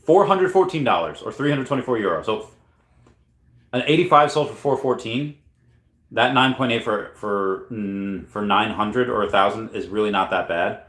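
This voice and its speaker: A man with a lowish voice talks casually on a livestream, drifting between thoughts and stopping to correct himself. The room around him is noticeably echoey. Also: expressive, moderate pace, fairly bright tone. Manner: rambling, self-correcting, thinking aloud. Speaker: channel host answering chat questions. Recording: roomy echo.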